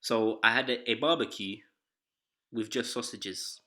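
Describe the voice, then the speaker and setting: A young man tells school and family stories on a casual podcast, full of slang and laughter. His voice is very bright and forward. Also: mid-range voice, measured pace. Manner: laughing, slangy, animated retelling. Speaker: podcast host. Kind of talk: casual storytelling chat.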